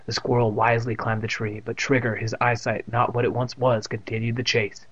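A man's voice: mid-range voice, little pitch movement, a little fast, a bit bright, slightly rough. Man reading a kids' book, lo-fi. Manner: adds snarky asides to the text. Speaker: reader. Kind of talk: reading a children's book aloud.

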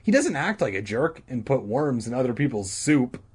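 A man voicing a squeamish schoolgirl who shrieks, in a very high, husky put-on voice. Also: big pitch swings, moderate pace. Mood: shrieking.

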